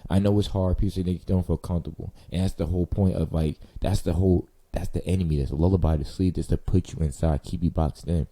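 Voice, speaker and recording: A man's voice: low voice, fairly even intonation, quick pace, hardly any pauses, warm tone. A man hosting his vlog, talking in a rambling, slangy and profane way straight to the listener. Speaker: vlog host. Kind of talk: casual monologue to camera.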